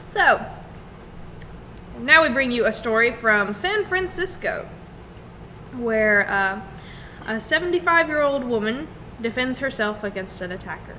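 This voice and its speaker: High, bright woman reading news. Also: lively intonation, a little slow, pauses often, slight background noise. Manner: reads news lightly, amused asides. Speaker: podcast co-host. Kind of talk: reading a news story casually.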